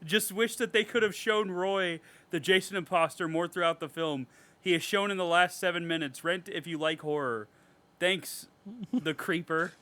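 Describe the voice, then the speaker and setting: A man co-hosting a horror podcast, reading reviews aloud with animated, sarcastic commentary and frequent swearing. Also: high voice, moderate pace. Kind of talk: casual podcast chat.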